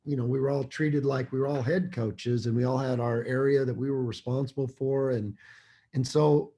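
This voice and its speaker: Middle-aged male coach with a warm, dark voice; earnest and explanatory. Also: medium pitch, steady tone, normal speed. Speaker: basketball coach guest. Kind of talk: podcast conversation.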